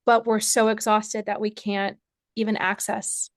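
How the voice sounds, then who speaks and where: A woman's voice: medium pitch, flat delivery, measured pace, dry recording, clean studio sound. A woman podcast host, a physician and coach, responds to her guest in an affirming, enthusiastic way. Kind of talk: conversational interview.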